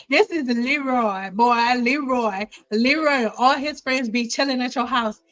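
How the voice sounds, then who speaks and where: A woman hosting a hair care live stream, joking around in a playful, animated way and repeating lines for effect. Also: fairly high pitch, unhurried, hardly any pauses, rough recording.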